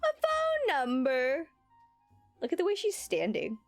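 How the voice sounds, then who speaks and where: Woman streamer, game chat, lively pitch, swears a lot, game music low behind. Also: a little slow. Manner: playful, swears freely, reads game lines aloud.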